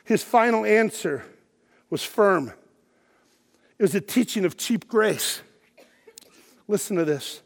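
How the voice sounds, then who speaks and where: A middle-aged man preaches from the pulpit in a very high, bright register. His delivery swells from steady reading to forceful, shouted declarations. The sound carries a long reverb from a large sanctuary. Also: slow pace, gravelly, long pauses. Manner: emphatic preaching, shouting at peaks, quiet when telling personal story. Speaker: pastor. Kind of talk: sermon.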